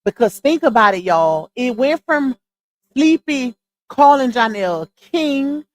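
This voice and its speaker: Young woman streamer, blunt slangy gossip host, slightly high voice, casual home mic. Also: expressive, unhurried. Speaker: livestream host. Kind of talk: casual commentary livestream.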